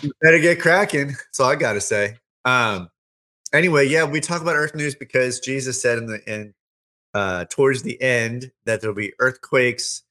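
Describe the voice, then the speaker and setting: A man with a mid-range, pushed and bright voice co-hosts a casual Christian chat about the end times. He rambles, keeps restarting his sentences, and leans on lots of fillers.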